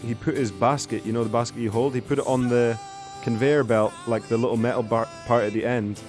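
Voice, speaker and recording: A man's voice: mid-range voice, fairly even intonation, brisk, faint music behind. A young man streaming casually, laid-back and rambling, with some swearing. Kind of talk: casual livestream chat.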